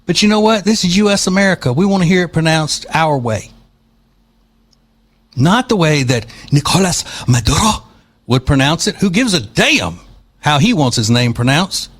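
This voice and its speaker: A man's voice: fairly high pitch, expressive, moderate pace, fairly bright tone. A man hosting an opinion podcast, talking in a sarcastic, mocking way. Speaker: podcast host. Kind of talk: opinion commentary.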